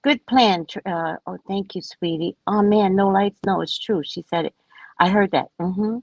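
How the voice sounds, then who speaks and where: A woman's voice: mid-range voice, normal speed, vocal fry, darkish tone, no echo, low-quality recording. A woman chatting casually with viewers on a home live stream, reading their comments aloud and answering them. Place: at home by the kitchen table.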